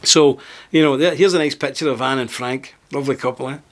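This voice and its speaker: A man hosting his own video channel, giving a heated, emphatic monologue to camera and reading part of it from a script. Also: a little fast. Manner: emphatic, indignant, with sudden rises in pitch; partly reading aloud from a script. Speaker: political video host.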